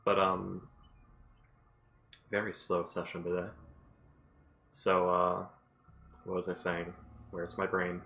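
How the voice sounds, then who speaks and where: Deep gravelly dude rambling about game scores, faint hiss behind. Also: male voice, monotone, slow, long pauses, pushed and bright. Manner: rambling, swears casually, laughs often. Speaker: player. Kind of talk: casual tabletop game chat.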